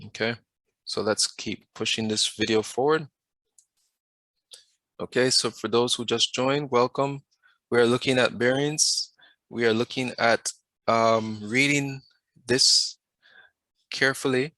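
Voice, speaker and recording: A man's voice: mid-range voice, steady tone, unhurried, pauses often, sharp tone, dry recording. A man teaching a math class over a video, often stopping to put questions to the students and waiting for answers. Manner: asks the class questions, patient.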